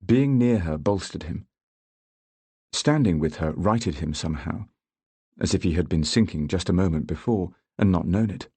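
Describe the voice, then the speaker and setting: A man narrating an audiobook in a measured, even way. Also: low-pitched, breathy edge, dry recording. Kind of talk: scripted narration.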